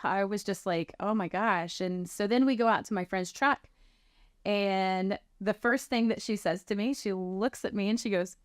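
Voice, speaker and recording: A woman's voice: medium pitch, normal speed, clean tone, no echo, studio quality. A woman in her thirties sharing a personal testimony, earnestly telling her story and acting out what people said to her. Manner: earnest storytelling, acts out quoted dialogue.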